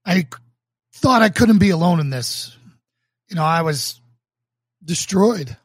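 A man from Boston, a pastor hosting his own livestream, talking earnestly and emotionally with halting restarts before moving into a sermon. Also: high-pitched, animated, husky, no room sound, clean studio sound. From Boston, United States. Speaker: pastor and show host. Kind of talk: livestreamed casual talk leading into a sermon.

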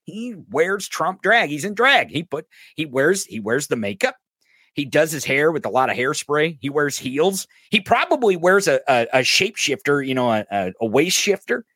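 A man rants as a podcast host, mocking and cursing as he needles a viewer from the chat. His voice sits a bit high and bright and swings widely in pitch. The sound is dry and close. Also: very animated, normal speed, breathy edge, no room sound. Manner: mocking, profane, addresses a chatter directly. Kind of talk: ranting political commentary.

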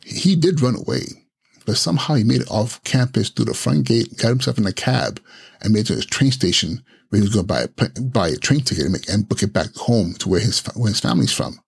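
Husky, gravelly man telling a scary story. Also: lowish voice, animated, fairly quick. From Nigeria. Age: adult. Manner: dramatic storytelling with repeated words and restarts. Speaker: podcast host. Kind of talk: personal scary story told on a podcast.

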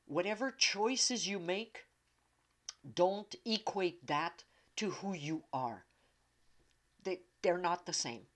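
A woman's voice: on the low side, slow pace, long pauses, a bit bright. A woman from Canada, talking casually and bluntly about self-trust, swearing freely and acting out inner voices. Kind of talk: casual self-help talk.

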